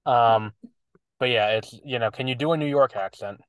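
A man's voice: mid-range voice, moderate pace, smooth, no echo, low-quality recording. A man with a slight lisp co-hosting a podcast, rambling and restarting his sentences in casual chat. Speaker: podcast co-host.

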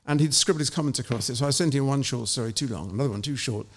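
Man reading and chatting. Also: medium pitch. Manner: measured and anecdotal, with small restarts. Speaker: author and interview guest. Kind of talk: story reading and casual interview.

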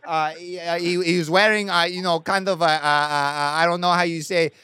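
A man doing a queasy, vaguely French caller, rambling through a prank phone call. He stammers and searches for words in a high, bright, clean voice, recorded dry and close. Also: steady tone, clear, resonant tone, no echo. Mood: aggrieved. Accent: put-on French. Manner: halting, full of stammers and fillers.

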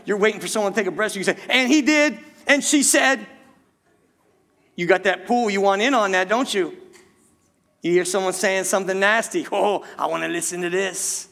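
Man preaching a sermon, high voice, rhetorical questions, repetitive, church hall with long reverb. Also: a bit bright. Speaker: pastor. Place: church sanctuary.

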